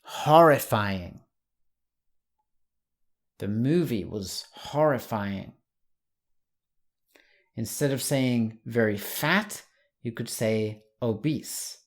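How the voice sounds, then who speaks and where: A man teaching an English lesson online, saying example words slowly and clearly. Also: mid-range voice.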